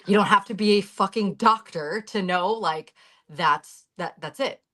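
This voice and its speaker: A woman's voice: medium pitch, a little slow, fairly bright tone. A woman in her thirties, a guest on a talk show, telling a personal account bluntly, with swearing and heated urgency over a video call.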